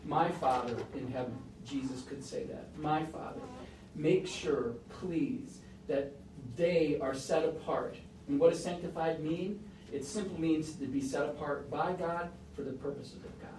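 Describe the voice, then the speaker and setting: A man preaching a sermon, telling a story with emphatic rises and soft, hushed moments. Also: on the high side, unhurried, a little hiss or hum. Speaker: pastor. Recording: roomy echo, mic at a distance.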